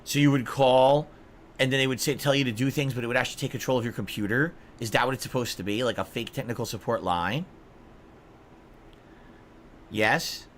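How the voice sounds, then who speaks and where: A man's voice: mid-range voice, a little fast, pauses often, a little hiss or hum. A man hosting a live stream and reacting to videos with rambling, puzzled commentary. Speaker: streamer host.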